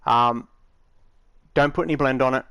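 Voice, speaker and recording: A man of middle pitch talks through a tutorial in a loose, rambling way, full of fillers and restarts. His tone stays matter-of-fact. The sound is dry and close, with no room around it. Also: fairly even intonation, normal speed, a bit bright, smooth, dry recording. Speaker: game tutorial maker. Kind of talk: casual screen-recorded tutorial.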